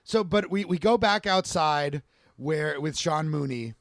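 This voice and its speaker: A man's voice: on the high side, measured pace, dry recording, clean studio sound. A man co-hosting a casual podcast, laughing often and swearing casually as he recaps old wrestling shows. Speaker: podcast co-host.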